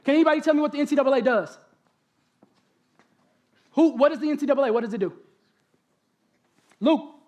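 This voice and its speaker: A young man from Texas with a Southern accent, giving an animated spoken-word poem and talk as a college guest speaker, speaking directly to the audience. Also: extremely high pitch, fairly quick, pauses often, highs cut off. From Galveston, Texas. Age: young adult. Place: college convocation auditorium.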